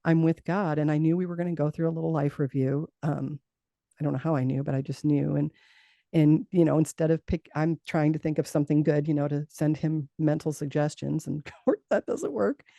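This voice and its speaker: A woman's voice: low voice, a little fast, gravelly, dark tone, no room sound. A middle-aged woman, a guest in an interview, telling a personal story earnestly, laughing now and then and restarting her sentences.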